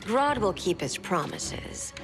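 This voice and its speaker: An actress playing a cold, self-assured eco-villain with a cool, dismissive manner. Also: female voice, medium pitch, very animated, slow. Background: game music.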